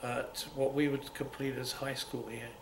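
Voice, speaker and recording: Older English man, London accent between posh and Cockney, gravelly voice, rambling recollections, roomy recording with faint hiss. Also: medium pitch, little pitch movement, moderate pace. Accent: London, between upper-class and Cockney. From England. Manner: rambling, with many restarts and repeats. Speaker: oral history interviewee. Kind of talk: unscripted reminiscing. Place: museum room.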